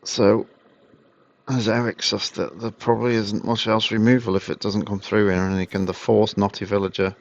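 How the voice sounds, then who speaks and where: An English man commentating a card game match in a relaxed, reactive way. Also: fairly low pitch, normal speed, gravelly. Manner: relaxed, reactive, laughs often. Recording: dry, dull lo-fi stream audio.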